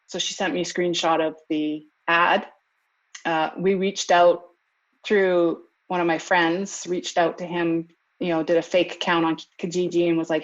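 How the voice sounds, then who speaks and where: Interviewee, female, lower register, lively first-person retelling, muffled lo-fi recording. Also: normal speed. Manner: lively retelling, acts out other people's lines. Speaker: interviewee recounting events. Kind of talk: casual storytelling interview. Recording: dull lo-fi recording.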